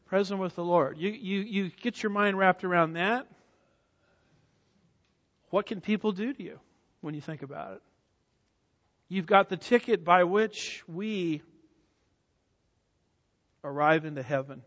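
A man with a high voice delivers an emphatic expository sermon, firing questions at his listeners and answering them. His voice carries through a church sanctuary with a long reverb tail, and the recording sounds somewhat muffled. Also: a little slow, pauses often, a bit bright. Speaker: preacher.

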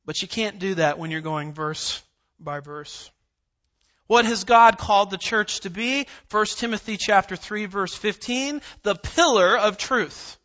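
A man's voice: high voice, unhurried, bright, forceful tone, highs cut off. A male pastor preaching a verse-by-verse sermon in a church, emphatic, with repetition and scripture references. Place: church sanctuary.

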